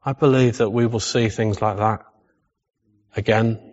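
A man's voice: on the low side, fairly even intonation, measured pace, a little mellow. A man preaching a sermon, emphatic and full of rhetorical questions. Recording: echoey hall, slightly dull sound.

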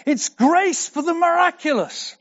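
A man preaching a sermon, emphatic and slow, repeating key words for weight. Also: very high-pitched, lively intonation, a bit bright. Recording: dull lo-fi recording.

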